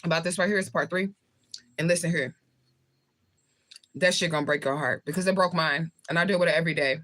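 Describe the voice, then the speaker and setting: A woman's voice: sits low, steady tone, brisk, a bit bright. Chatty woman livestreaming while snacking. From southern United States. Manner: rambling, talks while eating. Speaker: livestream host. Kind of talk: casual live chat with viewers.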